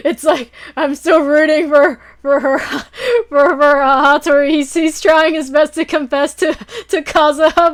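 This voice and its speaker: A young woman with a notably high voice chats casually on a late-night stream. She rambles from one thought to the next, giggling and gushing with excitable energy as she talks to her viewers.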